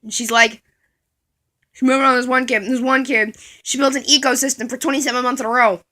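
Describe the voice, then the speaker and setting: A woman's voice: sits high, fairly even intonation, brisk, pushed and bright. A woman telling a comic story from her school days, rambling along and giggling at her own jokes.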